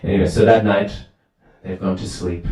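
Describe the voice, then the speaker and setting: A man giving a sermon at a temple, telling a story lively and often asking "right?", heard from far off in a very echoey hall. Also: low-pitched, moderate pace. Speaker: temple speaker.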